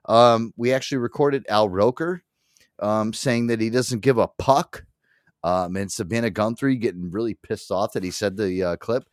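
A man's voice: fairly low pitch, normal speed, no echo, clean studio sound. A young man hosting a casual podcast chat, rambling, laughing and swearing often. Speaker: podcast host.

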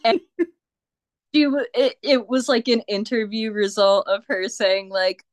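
A woman guest on a podcast, chatting casually in an unhurried way and laughing often. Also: fairly high pitch, fairly even intonation, dry recording. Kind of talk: casual chat.

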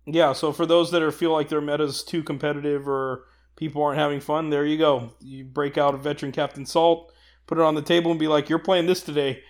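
A man's voice: a little high, little pitch movement, brisk. A man co-hosting a podcast, casually and enthusiastically breaking down tabletop game rules, laughing often. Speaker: podcast co-host.

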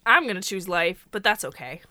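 A woman's voice: lowish voice, sing-song, fairly quick, bright, forceful tone, no room sound, clean studio sound. A woman co-hosting a casual podcast, blunt and playful, laughing often. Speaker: podcast co-host. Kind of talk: casual chat.

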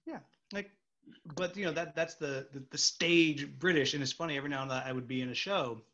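A man's voice: a little high, a little fast, bright, forceful tone, lo-fi sound. A man and stage actor hosting a casual interview, rambling and joking. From United States. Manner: chatty, rambling, jokey.

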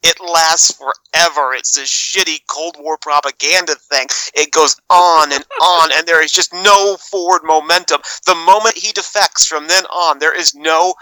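A man's voice: a little high, moderate pace, hardly any pauses, sharp tone, no room sound, low-quality recording. A man on a podcast panel, ranting sarcastically and cursing as he tears down a film. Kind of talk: casual chat.

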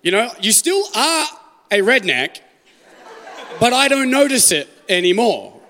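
Man, Australian accent, pastor, sermon, bright voice, long hall reverb. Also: sits high. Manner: animated, joking, asks the room questions. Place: church hall. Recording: live church hall reverb.

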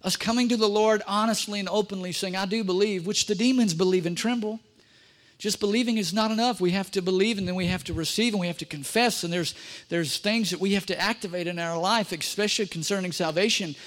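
A man's voice: sits high, fast talker, fairly bright tone. A man preaching a sermon as pastor, emphatic, repeating key phrases and speaking straight to the congregation.

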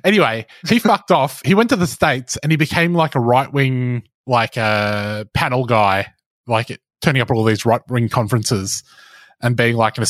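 A man's voice: medium pitch, normal speed, a bit bright, dry recording. A man co-hosting a casual podcast chat, talking with wry, dry teasing. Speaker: podcast co-host.

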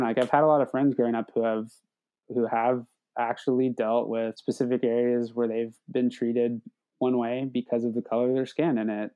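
A man's voice: mid-range voice, warm tone, highs cut off. A young adult man speaking as a podcast guest, reflective and hesitant, often restarting and repeating words. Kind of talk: reflective conversational talk.

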